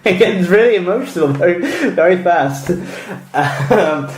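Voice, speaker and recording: A man's voice: high-pitched, animated, a little slow, crowd noise. A man co-hosting a casual podcast, teasing his friend and laughing often. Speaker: podcast co-host. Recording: echoey room with faint music.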